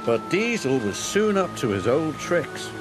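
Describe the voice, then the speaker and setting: A man narrates a children's cartoon like a storybook, taking his time. His pitch moves a great deal, up and down, as he tells it. Music plays underneath throughout. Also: big pitch swings, unhurried.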